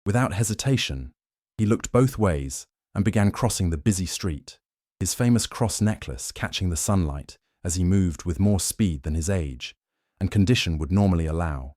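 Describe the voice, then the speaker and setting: Deep low male storyteller, dry close sound, measured. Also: lively intonation, a little mellow, dry recording. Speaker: narrator. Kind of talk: scripted narration.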